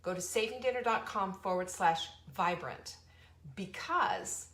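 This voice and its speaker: A woman's voice: medium pitch, measured pace, a bit bright. Chatty middle-aged woman in a roomy space. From Southern California. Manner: chatty, rambling, upbeat. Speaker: host. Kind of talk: casual live-stream chat. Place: home office. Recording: roomy echo.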